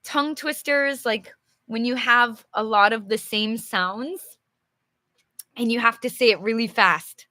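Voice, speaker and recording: A woman's voice: a little high, a little slow, sharp tone, dry recording, clean studio sound. A young woman teaching English, reading a storybook aloud and chatting with viewers, laughing often. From English-speaking country. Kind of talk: live English reading lesson with chat.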